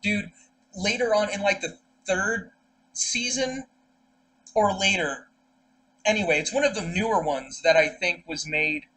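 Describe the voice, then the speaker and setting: A man's voice: high-pitched, unhurried, pauses often, sharp tone, low-quality recording. A young man co-hosting a podcast in casual chat, rambling through stories with many fillers and restarts. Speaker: podcast co-host.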